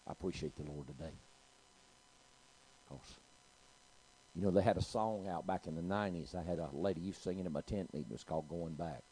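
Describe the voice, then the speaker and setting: A man's voice: low-pitched, fairly quick, pauses often, mellow, slight background noise, low-quality recording. A middle-aged man, preaching a sermon and telling a story, calling out to his congregation. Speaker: pastor.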